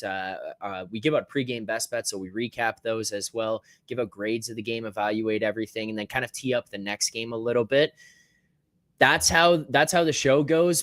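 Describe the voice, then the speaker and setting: A man talking hockey on a podcast as a guest, animated and rambling, swearing freely, with a lot of filler words. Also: mid-range voice, no echo. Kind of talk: casual hockey podcast chat.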